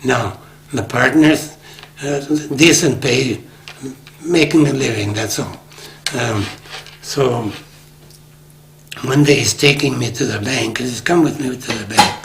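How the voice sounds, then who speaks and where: A man's voice: mid-range voice, measured pace, creaky, long pauses, slight background noise. A man in his seventies from northern Greece, candidly telling family stories in an oral history interview, with a wry tone. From Aegean Macedonia, northern Greece. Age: 70s. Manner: candid and wry, acting out old dialogues. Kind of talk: unhurried storytelling in conversation.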